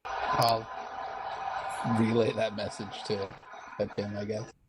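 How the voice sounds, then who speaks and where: A man playing a tabletop role-playing game, speaking in character and out of character in a hesitant, halting way. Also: on the low side, little pitch movement, heavy background noise. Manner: hesitant, halting speech with many pauses. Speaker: player. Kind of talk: casual in-character table talk.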